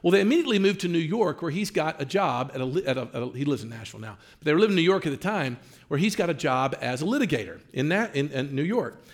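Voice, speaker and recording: Brief: lively male pastor, high voice, storytelling sermon, filler-heavy. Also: quick pace, hardly any pauses. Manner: animated, lots of "uh" fillers.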